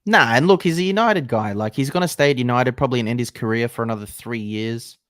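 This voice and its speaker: A man's voice: medium pitch, fast, a bit bright, no echo, clean studio sound. A man co-hosting a casual football chat, blunt and opinionated. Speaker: co-host.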